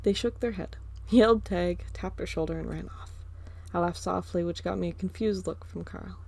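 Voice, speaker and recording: A woman narrating an audiobook in a steady storytelling read. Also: fairly low pitch, normal speed, vocal fry.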